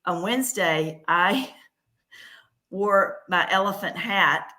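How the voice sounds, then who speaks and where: A middle-aged woman from the South hosts a casual chat. She tells stories in an animated way, with a bright, clear tone. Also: medium pitch, very slow. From American South. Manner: animated storyteller, drawling. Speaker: host.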